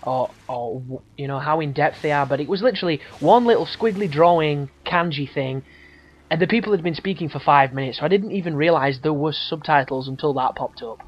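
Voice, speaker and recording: A man's voice: on the high side, fairly quick. A man giving casual, rambling gameplay commentary, swearing freely and laughing often. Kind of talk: casual let's-play commentary. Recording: dull lo-fi audio.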